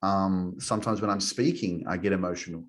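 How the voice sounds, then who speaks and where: A man's voice: deep voice, fairly even intonation, a little fast. A man hosting a podcast, talking in a reflective, open way with many "um"s and calling his guest "man". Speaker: podcast host. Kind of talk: casual podcast chat.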